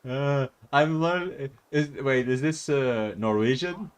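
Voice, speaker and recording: A man's voice: medium pitch, slow, slight background noise. A male streamer chatting casually and reacting with frequent laughter while watching a video.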